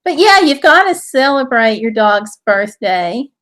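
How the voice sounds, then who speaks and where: Chatty woman host, high voice. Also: big pitch swings, a little slow, fairly bright tone. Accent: Southern US. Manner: cheerful, reads viewer comments aloud. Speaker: live stream host reading chat. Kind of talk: casual live stream chat. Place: home.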